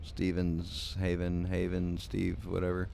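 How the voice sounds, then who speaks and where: A sleepy man streaming a game well past his bedtime, chatting with viewers in a rambling way with lots of ums and false starts. His voice sits very low and gravelly, and he speaks slowly. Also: completely flat delivery, dark tone, slight background noise. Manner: rambling, hesitant, many ums and restarts. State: sleepy, yawning late at night. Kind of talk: casual livestream chat with viewers.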